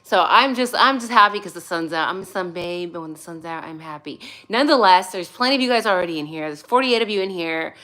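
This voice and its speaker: A woman's voice: lowish voice, lively intonation, quick pace, few pauses, pushed and bright. A woman in her forties whose first language is not English, hosting a casual livestream from her phone, chatty and sassy, tired but caffeinated. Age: 40s. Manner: chatty, sassy, greets viewers by name. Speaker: livestream host.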